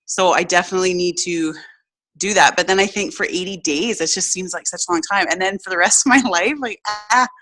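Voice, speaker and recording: A woman's voice: on the low side, brisk, pushed and bright, low-quality recording. A woman in a casual group chat, talking openly and rambling as she sorts out her thoughts. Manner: open, rambling, self-searching. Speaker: group member.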